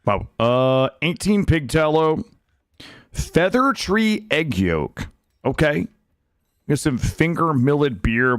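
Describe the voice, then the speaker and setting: A young male streamer, his voice a little high and a little slow, swears freely and chats with viewers as he casually comments on his game in an animated way. The studio-quality desk mic recording has no echo.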